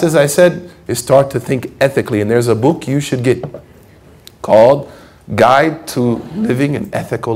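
Gravelly animated male preacher. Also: mid-range voice. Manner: animated, conversational, acts out quoted voices. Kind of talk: lecture sermon.

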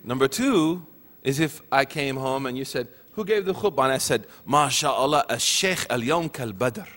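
A man's voice: medium pitch, fairly bright tone. A man giving a teaching talk at a religious gathering, mixing joking asides with earnest points, in a hall with a long echo.

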